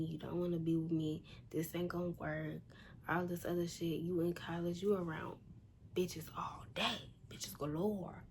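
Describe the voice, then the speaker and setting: A woman's voice: fairly low pitch, darkish tone. A young woman telling a storytime in a blunt, exasperated, slangy way. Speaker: vlogger. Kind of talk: casual storytime. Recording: faint background noise.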